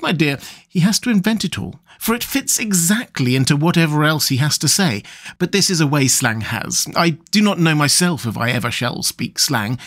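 A man's voice: a little high, a bit bright. A man reading as a sweet, emotional young woman, confiding in a letter for an audiobook. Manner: gushing, confiding.

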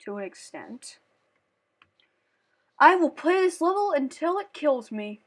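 A woman playing a platform game on camera, chatting playfully and breaking into shrieks and yells as she plays. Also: high-pitched, sing-song, measured pace. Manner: playful, talks to the game and her cat. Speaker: gaming channel host. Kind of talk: let's play commentary.

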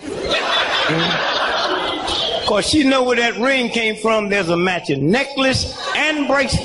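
In front of a live audience, a seventy-something comedian rambles through folksy stories, slipping in "huh?" and "you know what I'm saying?" His voice is very high and animated, slow, with frequent pauses. The background is noisy.

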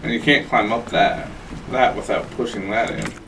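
A man's voice: fairly low pitch, moderate pace, far from the mic, background noise. A man joking around as co-commentator during a horror game playthrough. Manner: joking, playful asides. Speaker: let's play co-commentator. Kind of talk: casual gaming banter.

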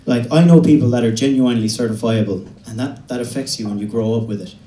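A young man from the west of Ireland with an Irish accent, doing a stand-up set in a halting, deadpan way with many restarts. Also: mid-range voice, a little hiss or hum. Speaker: stand-up comedian. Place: comedy venue stage. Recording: roomy venue recording from a distance.

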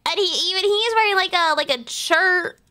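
A woman's voice: very high-pitched, normal speed, bright, forceful tone. A young woman streaming a game, chatting playfully and crudely as she greets and teases the customers. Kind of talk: live game-stream commentary.

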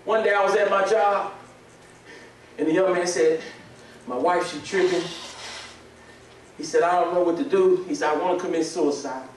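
High-voiced preacher in an echoey church. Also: male voice, fairly even intonation, normal speed, long pauses, a little hiss or hum. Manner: builds from soft pleading to shouted prayer. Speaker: pastor. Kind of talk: sermon. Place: church sanctuary. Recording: echoey church hall, mic at a distance.

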